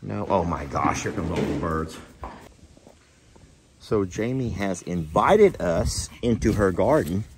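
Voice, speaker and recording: A man's voice: deep voice, animated, slow pace, a little hiss or hum. A man talking through a casual farm vlog outdoors, chatting with his animals. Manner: chatty, talks softly to the animals. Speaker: farm vlogger.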